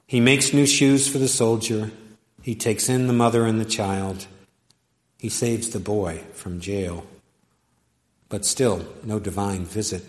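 A male pastor delivering a storytelling sermon in a slow, measured way with emphatic pauses. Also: fairly low pitch. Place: church sanctuary. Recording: echoey church with long reverb.

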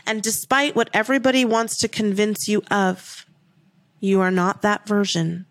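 A woman's voice: mid-range voice, steady tone, moderate pace, no room sound. Dry-voiced motivational woman podcast host. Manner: emphatic, repetitive, heartfelt, swears casually. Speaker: podcast host, manifestation coach.

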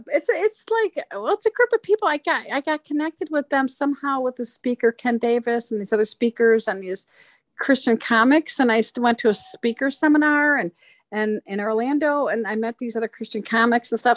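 Rambling middle-aged woman, high-pitched. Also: normal speed, no room sound. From Chicago. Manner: rambling, animated storyteller. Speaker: stand-up comedian. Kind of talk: casual interview chat.

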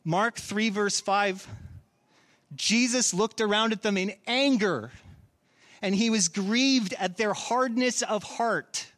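A middle-aged pastor with a high voice, preaching to his church. He asks the congregation question after question in an earnest, searching way. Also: slow pace, fairly bright tone. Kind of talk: sermon.

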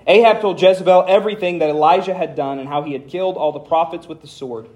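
A man's voice: on the high side, fast, darkish tone. A man preaching a conversational sermon as pastor, with dry humor and dramatic emphasis when reading scripture.

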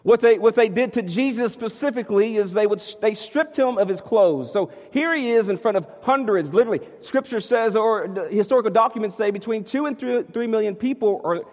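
High-voiced pastor preaching in a reverberant hall. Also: male voice, a little fast, few pauses, darkish tone. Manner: storytelling, acting out a dialogue with his young son; conversational, with many restarts. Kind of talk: sermon.

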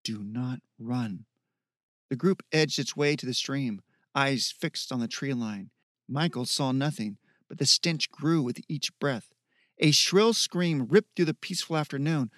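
A man reads an audiobook in a steady, measured way with a mid-range voice. The studio sound is clean, with no room sound.

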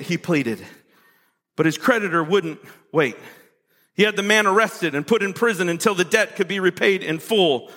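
A pastor preaching a sermon. He preaches with big swings in pitch. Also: expressive, normal speed, a bit bright. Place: church sanctuary. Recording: long reverb of a church hall.

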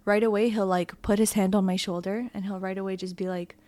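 A young woman co-hosting a casual couple's podcast, chatty and quick to laugh. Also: mid-range voice, fairly even intonation, a little mellow. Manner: chatty, laughs easily, acts out quoted voices. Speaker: podcast co-host.

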